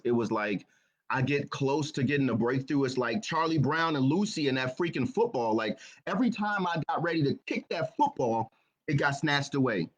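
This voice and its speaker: A man's voice: mid-range voice, expressive, normal speed, a bit bright, lo-fi sound. A man giving a motivational talk, telling his own story in an earnest way and often repeating his words. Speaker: motivational speaker.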